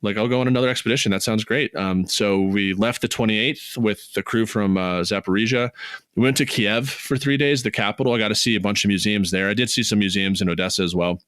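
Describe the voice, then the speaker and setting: Excitable man telling a story, dry close sound. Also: fairly quick, no room sound. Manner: animated storytelling, swearing, voice jumps high when excited. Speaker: podcast co-host. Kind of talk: casual podcast chat.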